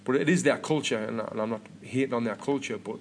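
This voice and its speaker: British guy in his 30s rambling on his podcast, mid-pitched, keeps restarting sentences. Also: fast, a little hiss or hum. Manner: chatty, full of restarts and repeated words. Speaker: podcast host. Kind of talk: casual rambling monologue.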